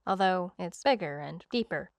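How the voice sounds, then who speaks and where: An earnest young woman just out of college, her words often dropping to a whisper in a storybook romance, as a woman reads her. Her voice is smooth and clear, close and dry with no room around it. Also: lowish voice, lively intonation, normal speed, dry recording.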